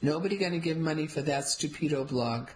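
A woman's voice: low-pitched, brisk, darkish tone, natural voice, low-quality recording. A cranky old Italian neighbor lady, as a woman reads her, talking in blunt broken English with a heavy Italian accent. She is sniffy and set in her ways, a storybook busybody. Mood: scornful. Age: older.

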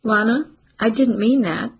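A woman reading the part of a mother who snaps at her daughter and then regrets it, in a sharp, hissing voice. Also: a little high, measured pace, slightly rough, exaggerated voice. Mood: remorseful. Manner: sharp, hissing when furious. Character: angry remorseful mother at a restaurant.

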